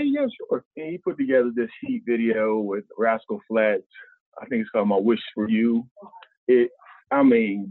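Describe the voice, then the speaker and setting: A man's voice: mid-range voice, no room sound. A man in his fifties from Ohio, a podcast guest telling stories in a casual, slangy way and acting out what others said. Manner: animated, slangy, acts out other people's lines. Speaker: guest, former pro basketball player. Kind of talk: casual storytelling. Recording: tinny phone-like remote line, dry.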